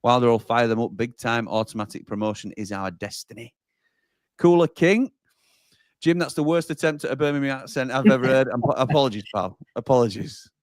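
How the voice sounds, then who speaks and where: A man's voice: mid-range voice, quick pace, few pauses, dry recording, studio quality. A man hosting a live football watchalong, chatting and reading out viewer comments. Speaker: watchalong host.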